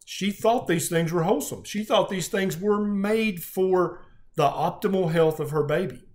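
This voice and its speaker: A middle-aged man with a fairly high speaking voice. He tells a patient story earnestly, with feeling and frequent restarts, as a physician in conversation. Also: unhurried. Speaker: physician guest.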